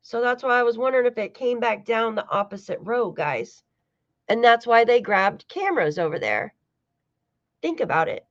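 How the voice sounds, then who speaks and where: A woman's voice: on the high side, sing-song, normal speed, no room sound. A woman hosting a casual true-crime livestream, talking loosely to her chat, swearing now and then and laughing often. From United States. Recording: dull lo-fi dry sound.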